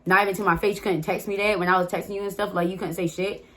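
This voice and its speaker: A woman's voice: medium pitch, little pitch movement, very fast, fairly bright tone. Candid woman telling a storytime. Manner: candid, swears freely, addresses viewers as y'all. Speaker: storytime vlogger. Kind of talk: casual storytelling to camera.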